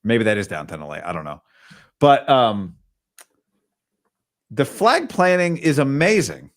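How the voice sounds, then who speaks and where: A man's voice: medium pitch, big pitch swings, a little slow. A man hosting a casual sports podcast, talking in a rambling way with restarts mid-thought. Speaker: podcast host.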